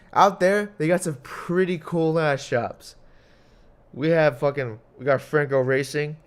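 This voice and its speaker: A man's voice: a little high, a little slow, clean tone. A young man hosting a casual solo podcast, rambling and swearing with jokes, coughing now and then. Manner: rambling, profane, jokey. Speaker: podcast host.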